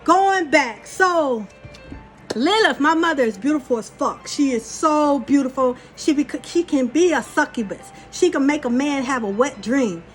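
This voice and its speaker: A woman's voice: sits high, animated, unhurried, faint music behind. A woman rambling through a spiritual monologue, blunt and profane, telling a story in a loose, casual way. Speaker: spiritual channeler.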